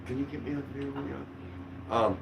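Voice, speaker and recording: A man's voice: medium pitch, fairly even intonation, normal speed. A middle-aged man hosting a casual livestream chat from his couch, rambling with lots of fillers and frequent laughs. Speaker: vlogger host. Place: home, on the couch. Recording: distant mic with faint room noise.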